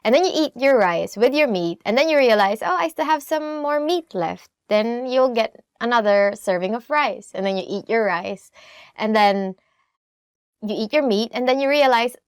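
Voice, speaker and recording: A young woman with a Filipino accent hosting a casual language lesson, chatty and laughing often, repeating phrases slowly. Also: on the high side, smooth, dry recording, studio quality. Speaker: language teacher host.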